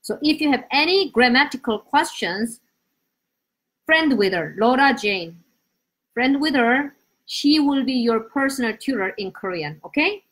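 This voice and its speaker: A woman teaching Korean on a live lesson, animated, switching between Korean and English, with uneven English grammar. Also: high-pitched, measured pace. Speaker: Korean language teacher, host. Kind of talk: live-stream language lesson.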